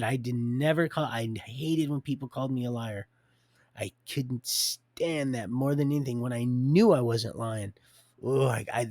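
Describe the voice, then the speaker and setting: Gravelly guy rambling on a stream, lots of restarts, talks about god and dreams. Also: medium pitch, a little mellow, no room sound. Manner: rambling, restarts often, religious talk. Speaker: livestreamer. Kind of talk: rambling personal monologue.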